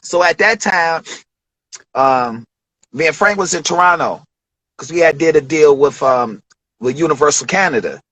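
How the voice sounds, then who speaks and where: Animated storytelling rapper, husky voice. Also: male voice, normal speed, pauses often, no echo. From Detroit. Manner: animated storyteller, acts out quotes with big pitch jumps. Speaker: interview guest, rapper. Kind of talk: casual storytelling interview.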